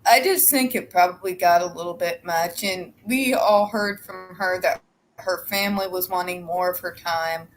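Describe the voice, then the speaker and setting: A woman's voice: on the low side, moderate pace, soft background music, rough recording. A woman guest on a livestream, speaking easily and conversationally about her own channel. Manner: easygoing, conversational. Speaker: guest, fellow channel creator. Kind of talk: casual livestream chat.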